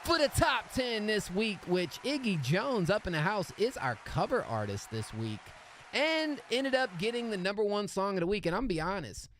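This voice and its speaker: A man's voice: high-pitched, very animated, normal speed, a bit bright, slight background noise. A man hosting a music feedback livestream, greeting chat in upbeat, slangy casual talk. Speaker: music review livestream host.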